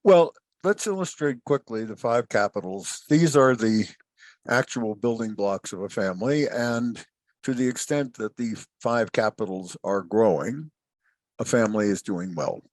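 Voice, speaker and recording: A man's voice: on the low side, unhurried, dry recording. An older man, a guest advisor, speaking in an expansive, philosophical, storytelling way in an interview. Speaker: guest, family wealth advisor. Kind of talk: reflective interview talk.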